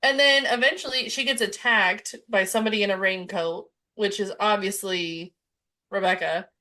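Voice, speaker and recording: A young woman co-hosting a podcast, chatting casually and retelling movie scenes with quick quoted voices. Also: medium pitch, steady tone, bright, forceful tone. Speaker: podcast co-host. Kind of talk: casual chat about a movie.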